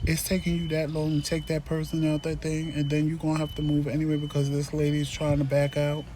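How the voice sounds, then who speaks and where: A man vlogs from his parked car, talking directly to viewers as he shares a personal story with animated, emphatic energy in a casual tone. He speaks briskly in a slightly high voice over a little hiss or hum.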